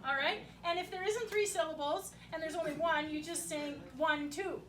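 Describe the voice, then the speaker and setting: A woman's voice: very high-pitched, steady tone, normal speed, fairly bright tone. A Canadian woman folk singer singing and chatting with her audience at a live cafe concert. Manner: chatty, laughing, coaxing the audience to sing along. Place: small cafe venue with audience. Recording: roomy live recording from a distance, with crowd and music.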